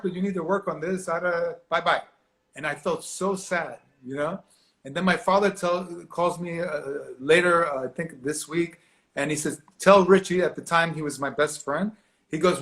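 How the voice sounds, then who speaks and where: Man, fairly high voice, lively storyteller, acts out voices, video call. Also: moderate pace. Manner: animated, acts out quoted voices, laughs often. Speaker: actor guest. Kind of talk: storytelling interview.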